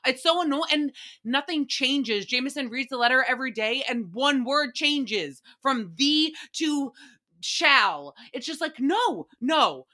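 A young woman hosting a casual recap podcast, animated, profane and giggly as she talks. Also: high-pitched, measured pace. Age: young adult. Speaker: podcast host.

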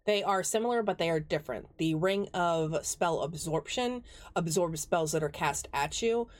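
A woman's voice: on the low side, normal speed. A woman narrating as game master, chatty and meandering, with many fillers.

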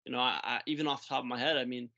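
Podcast cohost guy, middle pitch, kinda muffled lo-fi audio, lots of uh's. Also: fairly even intonation, racing, pushed and bright. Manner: hesitant, many "uh" and restarts. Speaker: podcast co-host. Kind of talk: casual sports talk.

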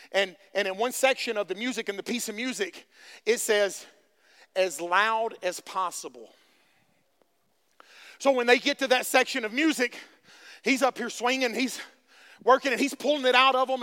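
High, bright-voiced preaching pastor. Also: male voice. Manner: calls out to the congregation, repeats phrases for emphasis. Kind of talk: energetic sermon preaching.

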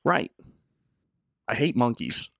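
A man's voice: medium pitch, takes it slowly, gravelly, no echo, clean studio sound. Giggly man recapping a film. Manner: giggly, recaps the plot in a deadpan way. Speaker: podcast co-host. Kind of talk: casual comedic film review chat.

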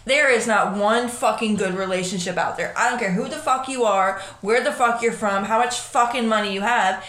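A woman's voice: medium pitch, moderate pace, a bit bright. Female podcast co-host, blunt and profane, mid-range voice, roomy sound. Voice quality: blunt, swears constantly. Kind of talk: casual chat. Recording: roomy echo.

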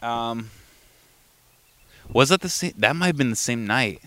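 A man's voice: medium pitch, animated, a little slow, sharp tone. A young man hosting a casual solo podcast, rambling and swearing freely while coming down with a cold. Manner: profane, rambling, with frequent restarts and fillers. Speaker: podcast host.

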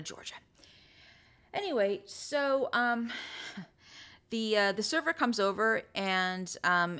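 An American woman hosting a podcast, telling personal stories in a chatty, halting way with many fillers and restarts. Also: mid-range voice, a bit bright. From United States. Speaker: podcast host. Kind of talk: personal storytelling.

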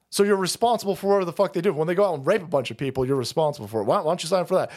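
A man hosting a stream, delivering a loud, profane, mocking political rant. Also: on the high side, expressive, rapid-fire, few pauses. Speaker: streamer host. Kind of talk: ranting political commentary stream.

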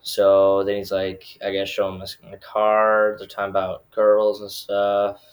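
A man's voice: lowish voice, completely flat delivery, unhurried. A man casually recapping a movie, rambling and full of filler words.

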